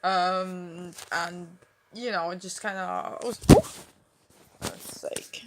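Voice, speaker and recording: A woman's voice: on the low side, steady tone, takes it slowly, very noisy. A young woman vlogging at home on her phone, mumbling and rambling with lots of fillers. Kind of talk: casual talk to camera. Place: at home, indoors.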